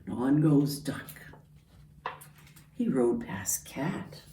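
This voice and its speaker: A woman's voice: extremely low pitch, lively intonation, drawn-out words, long pauses, mellow, a little hiss or hum. A woman librarian reading a picture book aloud to children, pointing out the pictures as she goes. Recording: roomy, from far off.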